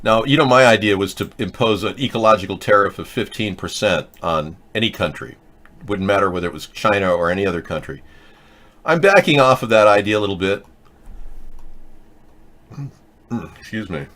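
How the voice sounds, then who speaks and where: A man hosting a political commentary show, talking in a rambling, sarcastic way, mid-pitched. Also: lively intonation, normal speed, long pauses, a bit bright. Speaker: host.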